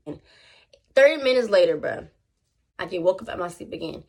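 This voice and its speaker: A young woman telling a storytime on her vlog in casual slang, animated and chatty with her viewers. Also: medium pitch, moderate pace. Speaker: vlogger.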